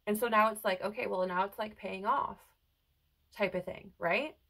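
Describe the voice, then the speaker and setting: A woman's voice: medium pitch, steady tone, normal speed, creaky, fairly bright tone, poor audio. A woman giving a spiritual tarot reading to her viewers, earnest and reassuring, often checking in with "right?". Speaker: tarot reader. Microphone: headphones on, close mic.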